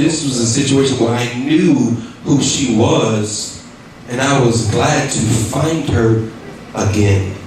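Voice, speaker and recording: Guy host telling a story real slow and jokey, far off the mic. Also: mid-range voice. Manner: slow, drawn-out, joking delivery. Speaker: podcast host. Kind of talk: playful storytelling to his wife. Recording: very echoey from far off, crowd noise.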